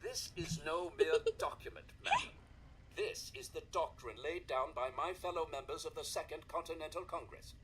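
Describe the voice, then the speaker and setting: A man's voice: a little high, very animated, moderate pace, background noise. An actor voicing a pompous, patriotic male robot in a video game, declaiming in a grand, theatrical manner. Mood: solemn.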